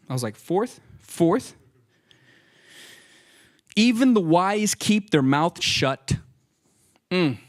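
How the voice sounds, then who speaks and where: A young man giving a lively, casual sermon, acting out voices and joking with the listeners. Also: high-pitched. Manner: animated, acts out quoted voices, jokes with listeners. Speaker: youth speaker.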